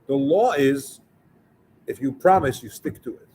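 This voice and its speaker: A man in a rabbi's storytelling sermon, talking in an easy, conversational way at a middle pitch. He slips into the voices of the people in his tale as he goes. A faint hiss of noise sits underneath. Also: expressive, a little slow, darkish tone, low-quality recording.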